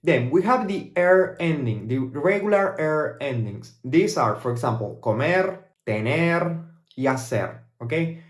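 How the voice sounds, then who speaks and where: A young man from Argentina with an Argentine accent, a native Spanish speaker teaching a language lesson in English. He slows right down to model each Spanish word and repeats it twice. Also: fairly high pitch, expressive. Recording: roomy echo.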